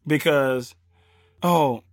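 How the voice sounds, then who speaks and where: A man's voice: fairly high pitch, extremely slow, creaky, no echo, clean studio sound. A man, a guest comedian, in casual chat, talking animatedly in a mocking, playfully ranting way.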